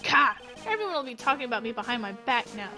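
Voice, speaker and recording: Mr. Kudo, a woman doing a shrill cranky old man. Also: big pitch swings, quick pace, over music. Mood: ranting angry. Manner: shouting, ranting, stuttering.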